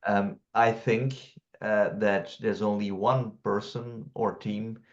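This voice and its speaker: A man with a low voice speaking very slowly and with care on a coaching panel. He pauses often and leans on fillers. His call audio sounds dull and muffled. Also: little pitch movement. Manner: deliberate, hesitant, many fillers. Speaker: master certified coach. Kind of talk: casual panel discussion.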